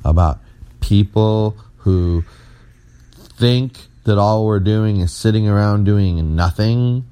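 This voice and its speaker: A man's voice: fairly low pitch, slow pace, warm tone, clean tone. A man co-hosting a casual late-night podcast, tired and rambling, teasing his co-host in a playful way.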